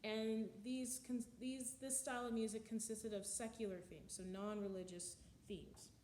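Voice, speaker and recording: A woman's voice: fairly high pitch, fairly even intonation, normal speed, a little mellow, roomy sound, slight background noise. A woman teaching music history in a slide lecture, explaining with frequent ums and counting out the beats.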